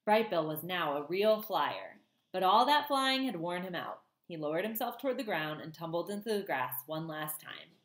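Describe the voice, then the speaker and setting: A woman's voice: on the low side, lively intonation, normal speed, echoey room. A woman teacher reading a children's novel aloud to her class and chatting to them, with a chatty manner and frequent ums. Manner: warm, chatty, many ums.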